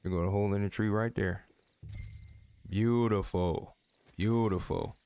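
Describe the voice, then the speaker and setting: A man's voice: fairly low pitch, fairly even intonation, unhurried, creaky, mellow, dry recording. A man giving casual gameplay commentary, playfully coaxing and teasing the characters and his horse. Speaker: let's play host.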